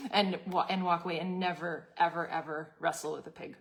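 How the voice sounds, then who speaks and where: A woman in her thirties hosting a live community session, giving a casual motivational talk with candid chat and many restarts. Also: on the low side.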